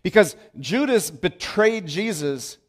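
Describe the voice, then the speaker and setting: A man preaching a sermon, telling the story with animated swings between loud bursts and hushed moments. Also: high-pitched, slow pace. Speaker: pastor.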